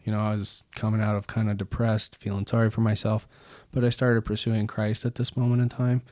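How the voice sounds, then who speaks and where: A man's voice: fairly low pitch, completely flat delivery, a little fast, a little mellow, dry recording, clean studio sound. A man in his thirties, a podcast guest, telling a personal story in a rambling way with many fillers. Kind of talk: casual storytelling.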